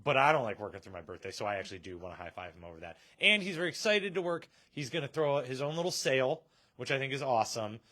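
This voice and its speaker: A man's voice: medium pitch, sing-song, fast talker, pushed and bright. A man hosting a casual live stream from a comic shop, joking and laughing often.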